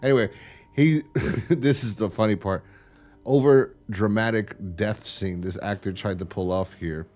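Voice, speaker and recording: A man's voice: on the low side, a little slow, darkish tone. A young man co-hosting a podcast, rambling casually, laughing and swearing, acting out quotes from scenes. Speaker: podcast co-host.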